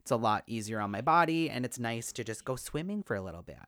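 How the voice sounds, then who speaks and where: A man's voice: mid-range voice, lively intonation, quick pace, fairly bright tone, smooth, dry recording, studio quality. A man co-hosting a podcast who teaches fitness classes, talking in rambling casual chat and laughing often. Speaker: podcast co-host, fitness instructor.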